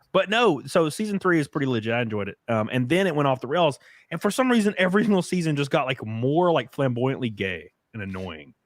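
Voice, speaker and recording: A man hosting a podcast in casual chat, rambling and swearing, his voice jumping up when he gets excited. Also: mid-range voice, moderate pace, dry recording, clean studio sound. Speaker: podcast host.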